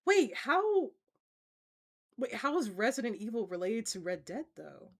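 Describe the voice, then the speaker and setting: In a casual Q&A where she reads her chat's comments, this woman streamer sounds animated, with a mid-range voice running a little fast. She laughs a lot and leans on plenty of fillers while chatting with viewers.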